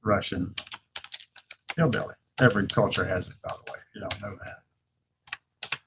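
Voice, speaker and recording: A man hosting a casual video, laughing often and slowly dictating his words as he types. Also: low-pitched, background noise. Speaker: video host. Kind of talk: casual chat while typing.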